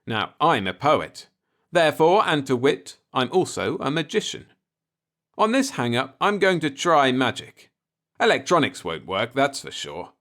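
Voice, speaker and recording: A man's voice: mid-range voice, very animated, unhurried, a bit bright, pitched above the performer's own voice. A man voicing a young bearded beatnik TV repairman who talks in confident hip slang.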